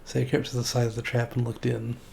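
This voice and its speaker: A man streamer reading a children's storybook aloud in a relaxed, folksy way. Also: medium pitch, quick pace, vocal fry, a little hiss or hum.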